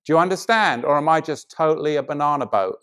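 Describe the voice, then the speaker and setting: A middle-aged man delivering a sermon, swinging between loud emphatic preaching and hushed, intimate passages. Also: a little high, fast.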